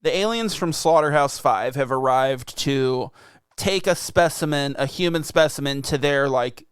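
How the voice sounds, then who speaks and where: A man's voice: medium pitch, moderate pace, clear, resonant tone, dry recording, studio quality. A man co-hosting a podcast in casual chat, teasing his co-host and laughing a lot.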